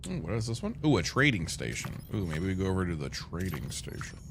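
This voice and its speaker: A man's voice: low voice, sing-song, fast, background noise. A man streaming a game, chatting casually to his viewers, rambling and swearing freely. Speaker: gaming streamer. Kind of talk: casual gameplay chat.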